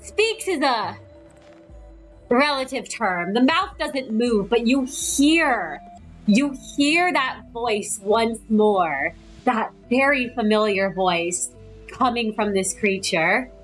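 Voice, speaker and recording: A woman narrating as game master of a tabletop role-playing game, in measured descriptive storytelling. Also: fairly high pitch, animated, fairly bright tone, soft background music, poor audio.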